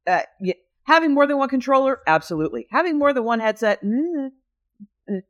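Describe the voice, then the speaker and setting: A woman's voice: sits high, animated, a bit bright, muffled recording. Enthusiastic, rambling woman co-host. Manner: enthusiastic, rambling, quick to agree. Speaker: podcast co-host. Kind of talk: casual podcast chat.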